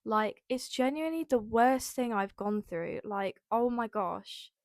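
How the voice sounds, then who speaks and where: Young woman, rambling podcast monologue, fairly high voice, emotional, near tears. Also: animated, measured pace, no room sound, clean studio sound. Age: young adult. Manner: rambling, many fillers. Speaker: podcast host. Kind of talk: casual personal podcast monologue.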